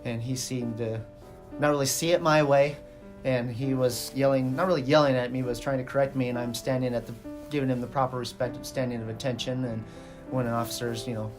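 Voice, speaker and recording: A middle-aged man tells stories from his Army days in a relaxed interview. He gets lively and acts out the voices of the people he remembers. Plucked guitar music plays clearly behind him. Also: medium pitch. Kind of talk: casual storytelling interview.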